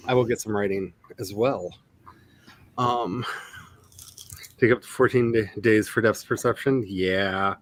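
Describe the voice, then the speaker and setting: A man's voice: lowish voice, a little slow, long pauses, no room sound. A man who is an author hosting a casual writing live stream, rambling with chuckles and reading chat comments aloud.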